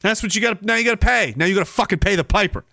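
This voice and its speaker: A male podcast host rants loosely and sarcastically, swearing freely as he drifts from one tangent to the next. His voice sits a little high and sounds bright and sharp-edged. The recording is dry and close, with no room sound around him. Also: racing, gravelly, dry recording. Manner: profane, sarcastic, goes off on tangents. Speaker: podcast host reading chat messages. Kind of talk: casual ranting livestream talk.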